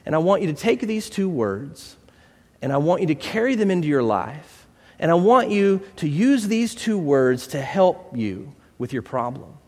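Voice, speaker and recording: A man voicing a deadpan, blunt male therapist who gives curt advice. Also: a little high, fairly quick, slightly rough, heavily acted. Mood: soothing. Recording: long hall reverb.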